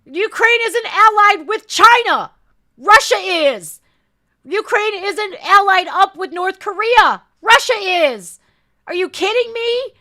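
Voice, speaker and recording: Lady reacting to clips, heated and fed up, high bright voice. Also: expressive, unhurried. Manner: exasperated, heated. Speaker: reaction video host.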